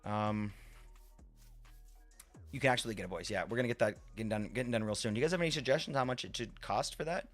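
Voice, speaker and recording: A man's voice: mid-range voice, quick pace, pauses often, soft background music. A man live-streaming a game in casual chat who rambles, repeats himself and swears offhand.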